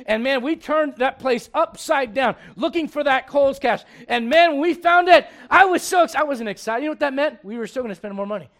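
A middle-aged male pastor preaching a sermon in a humorous, conversational way, swinging from loud bursts to hushed lines. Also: very high voice, normal speed, few pauses.

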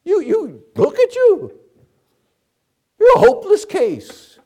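A shrill, sneering devil , as a preacher puts him on, jeers at a fallen soul, his voice leaping far above its usual pitch. The taunts swing widely up and down and grow scornful and mocking. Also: huge pitch swings, slow, vocal fry, full character voice. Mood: taunting. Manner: mocking, scornful, rising to a shout.

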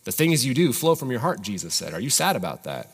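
A man's voice: medium pitch, sing-song, fast talker, in a large hall, slight background noise. A man preaching a sermon as pastor, earnestly putting searching questions to his congregation.

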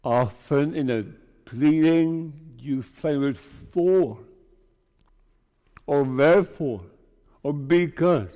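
A man preaching a sermon to his congregation, speaking slowly in short, measured phrases. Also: on the high side, mellow. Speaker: pastor. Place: church. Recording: reverberant church hall.

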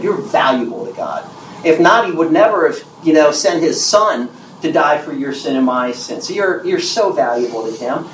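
Man in his 60s, preacher, emphatic, quizzes the listeners, slightly high voice, roomy echo. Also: slight background noise. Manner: emphatic, repeats key phrases slowly; asks the audience questions and answers them. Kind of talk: sermon.

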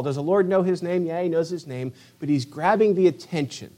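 A middle-aged male pastor preaching a sermon with passion, acting out quoted voices and swinging from loud declarations to hushed asides. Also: high-pitched, a little fast, hardly any pauses.

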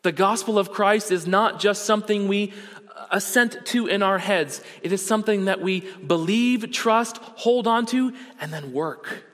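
A man's voice: sits high, unhurried, fairly bright tone. A man pastor preaching a sermon in a church, earnest, building to rising rhetorical questions. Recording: long hall reverb.

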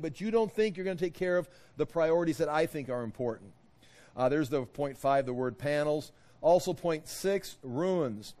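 A man's voice: on the high side, expressive, moderate pace, darkish tone. A man teaching a Bible study in a folksy, conversational way, retelling scripture with modern asides and stopping to explain Hebrew words.

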